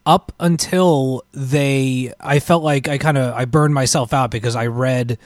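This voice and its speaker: Male co-host, mid-pitched, dry close recording, hesitant and self-deprecating with winding sentences. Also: steady tone, unhurried, dry recording. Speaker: podcast co-host. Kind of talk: casual chat.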